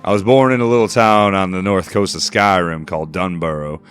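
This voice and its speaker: A man reading a game journal aloud as a gruff old male pirate captain, in a rough folksy drawl with dropped grammar. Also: low-pitched, fairly even intonation, brisk, fairly bright tone, faint music behind. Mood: gruff reminiscing.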